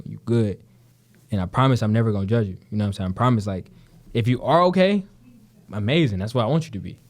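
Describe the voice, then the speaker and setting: A young Detroit man with a fairly low, slightly mellow voice, appearing as a guest actor. He tells stories in casual, slangy, profane conversation, constantly saying "you know what I'm saying."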